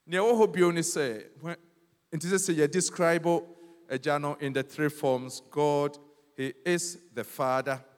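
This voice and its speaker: A Ghanaian man preaching a sermon, switching between Twi and English and rising to loud declarations. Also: medium pitch. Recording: long hall reverb.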